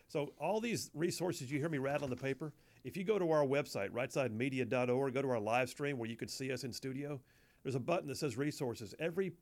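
A man's voice: mid-range voice, vocal fry. A man hosting a political talk radio show, mocking and folksy, often saying y'all, speaking in a studio.

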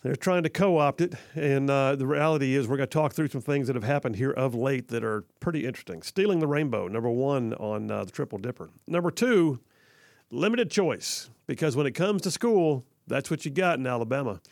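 Man, talk radio host, gravelly voice, dry close studio sound, upbeat, rambling. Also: medium pitch, animated, a little fast, no echo. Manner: upbeat, jokey, rambling with fillers. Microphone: studio mic.

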